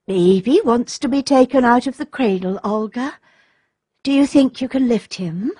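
A woman reading the part of a gentle young widowed princess mother, speaking tenderly and gravely in a soft, husky voice. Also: a little high, normal speed, no echo, clean studio sound, voice pushed up.

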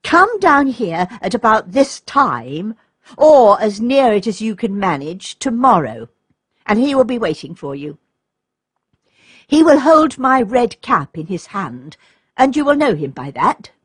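A woman's voice: a little high, big pitch swings, a little slow, slightly rough, dry recording, studio quality, full character voice. A woman voicing a cheeky, mysterious boy giving instructions in a storybook reading. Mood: playful.

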